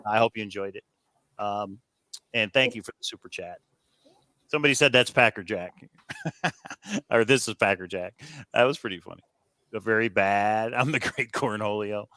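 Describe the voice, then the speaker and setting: A man's voice: on the low side, normal speed, long pauses, pushed and bright, no echo. A man from Detroit co-hosting a casual call-in livestream, joking, laughing often and reading out viewer comments. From Detroit, Michigan. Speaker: co-host.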